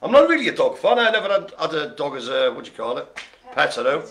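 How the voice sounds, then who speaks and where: A man calls bingo for a live online audience, breaking off into rambling jokes between calls. His voice is bright and forward, and his pitch swings up and down a lot as he talks. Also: very animated, quick pace. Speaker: bingo host. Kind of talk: live-streamed bingo calling with banter.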